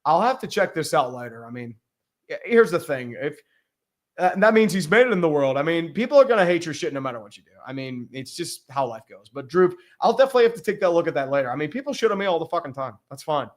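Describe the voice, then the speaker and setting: A man's voice: a little high, sing-song, fast. A man hosting a casual sports livestream, talking in a blunt, rambling, profanity-heavy way. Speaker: podcast host.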